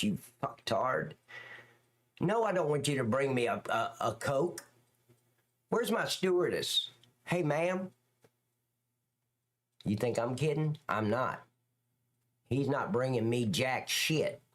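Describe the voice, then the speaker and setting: A middle-aged man, a former police officer, ranting bluntly and crudely as he chats with viewers on a livestream, his pitch swinging up and down. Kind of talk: casual livestream chat reacting to viewers.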